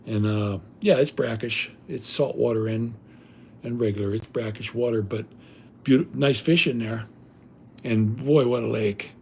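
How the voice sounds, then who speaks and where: A man's voice: medium pitch, a little slow, creaky, a little hiss or hum. An older man hosting a livestream, telling rambling stories in a blunt, casual way with salty language. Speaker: livestream host.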